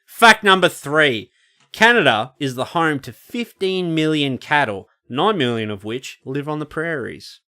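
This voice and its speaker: A man's voice: a little high, lively intonation, normal speed, hardly any pauses, sharp tone, smooth. A man with an Australian accent co-hosting a casual podcast, joking and swearing as he reads out facts. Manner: profane, joking banter. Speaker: podcast co-host.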